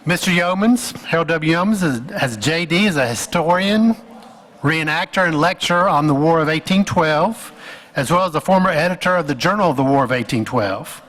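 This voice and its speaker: A man's voice: fairly high pitch, animated, normal speed, fairly bright tone. Man introducing a speaker in an echoey hall. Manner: reads a speaker's credentials. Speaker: symposium host introducing speaker. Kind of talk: formal introduction.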